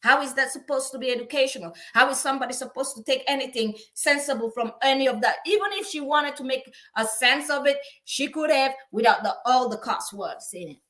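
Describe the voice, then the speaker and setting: A woman hosts an opinionated celebrity commentary vlog in a bright, forceful voice that sits a little high. She lectures outspokenly and often stumbles over repeated words as she builds her point. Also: fairly quick, few pauses. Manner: outspoken, lecturing, with frequent stuttered restarts. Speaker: commentary channel host.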